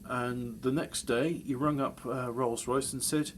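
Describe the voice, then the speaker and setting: Guy just chatting, rambles and corrects himself, dry jokes, average pitch, a bit of noise behind. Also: fairly even intonation, a little slow, few pauses. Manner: rambling, self-correcting, wry asides. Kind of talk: casual chat.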